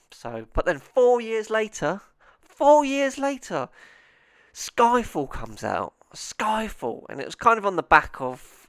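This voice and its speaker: Bright, crisp man rambling naively. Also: medium pitch, dry recording. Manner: rambling, naive, self-interrupting. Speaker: movie reviewer host. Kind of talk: rambling comedic monologue.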